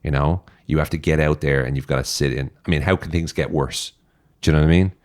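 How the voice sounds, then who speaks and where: Podcast guest: Irish man, very low voice, blunt and profane, direct. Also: fairly even intonation, fast talker. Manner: blunt, swears freely, direct advice. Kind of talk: casual interview talk.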